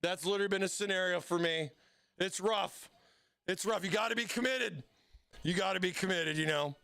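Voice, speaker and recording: A man's voice: high voice, quick pace, vocal fry, pushed and bright, dry recording. A man hosting a casual livestream giveaway, hyped and slangy, calling viewers "baby" and "bro.". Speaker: livestream host.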